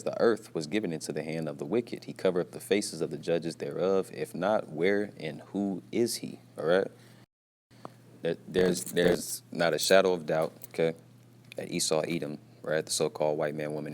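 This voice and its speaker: Deep-voiced man giving a scripture lesson. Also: steady tone, normal speed. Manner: repetitive, peppers talk with "man" and "you see"; speaks quietly at times, mindful of being at work. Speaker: scripture teacher. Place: at his workplace.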